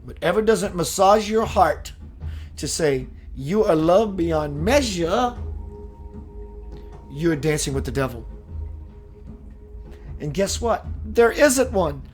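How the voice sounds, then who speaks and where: Higher-voiced man hosting a spiritual livestream. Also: expressive, faint music behind. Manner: reads viewer comments, switches into slow preachy delivery. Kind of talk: live-streamed spiritual talk.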